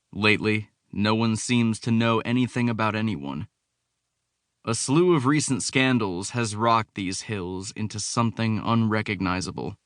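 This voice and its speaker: A man's voice: fairly low pitch, a bit bright, no room sound, studio quality. A man narrating a first-person romance audiobook with a cynical, wry tone.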